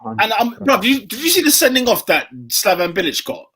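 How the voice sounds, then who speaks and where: Young male podcast co-host, high bright voice, slangy and animated. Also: brisk, slightly rough. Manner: animated, slangy, laughs often. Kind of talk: casual football chat.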